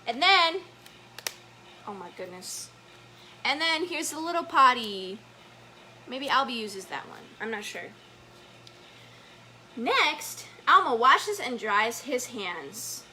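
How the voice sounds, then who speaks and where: A woman reading a picture book aloud to children as a story time educator, chatty and gentle, stopping to point at the pictures. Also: a little high, sing-song, slow, pauses often, a little hiss or hum.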